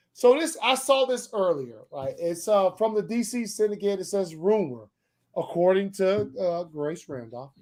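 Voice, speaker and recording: High-voiced man rambling casually. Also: a little mellow. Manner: loose, profane, rambling with many restarts. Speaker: podcast host. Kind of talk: casual chat.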